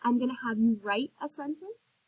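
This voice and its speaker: A woman gives a recorded phonics lesson for young children in a slightly high, breathy voice. She speaks very slowly and sounds out words with clear, encouraging care. The recording is dry and close, with no room sound. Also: darkish tone, dry recording, rough recording. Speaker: teacher.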